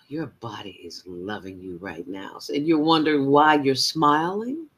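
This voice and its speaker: A mindfulness teacher with a very deep, breathy voice guides a morning breathing meditation. She is playful and chatty, talking to herself at times and slipping into whispers.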